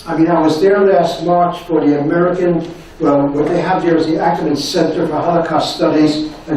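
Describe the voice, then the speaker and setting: An older man giving a university lecture, telling stories in an animated way and repeating his phrases. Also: fairly high pitch, fairly quick, distant mic, slight background noise. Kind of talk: anecdotal lecture storytelling. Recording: echoey room recorded from afar.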